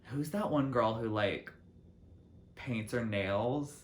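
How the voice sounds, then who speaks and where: A young man hosting his own solo talk show, rambling casually to the camera from his city apartment with lots of fillers and restarts. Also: slow pace. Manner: chatty, lots of "like" and restarts, lively swings in pitch and loudness. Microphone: camera mic.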